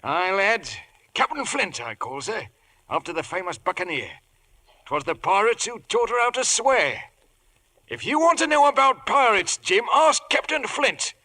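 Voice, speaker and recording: An actor playing a hearty, scheming one-legged pirate cook with a gravelly seafaring brogue in a 1950s radio drama. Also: male voice, high voice, big pitch swings, a little slow, pushed and bright, exaggerated voice. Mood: wheedling.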